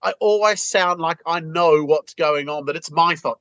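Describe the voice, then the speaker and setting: A man's voice: on the high side, normal speed, a bit bright, no echo, lo-fi sound. A man with a British accent, a sales trainer answering interview questions in a blunt, punchy way, acting out both sides of phone calls.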